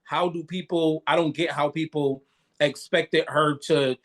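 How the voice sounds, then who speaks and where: Man with a somewhat high voice, easygoing sports talk co-host. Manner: relaxed, agreeable, quick to back the co-host up. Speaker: podcast co-host. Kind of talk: casual sports chat.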